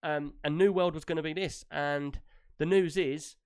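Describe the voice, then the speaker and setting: A man's voice: a little high, fairly even intonation, normal speed, smooth. A man hosting a gaming podcast, chatty and rambling, often laughing. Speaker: podcast host. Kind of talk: casual gaming podcast chat.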